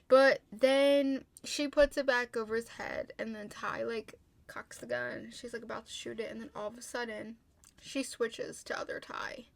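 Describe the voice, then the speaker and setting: A woman's voice: on the high side, animated, moderate pace, creaky. A young woman casually recapping a TV episode, chatty, swearing often and filling her sentences with "like.". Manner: chatty, heavy "like" fillers, frequent swearing. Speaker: TV show recapper.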